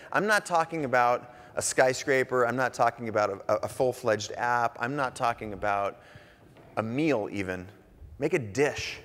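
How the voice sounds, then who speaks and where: A man speaking from a conference stage in a relaxed, joking way, with sudden bursts of energy. His voice sits at a middle pitch. A long hall reverb trails every phrase. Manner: casual, animated, jokey, swears now and then. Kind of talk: conference talk.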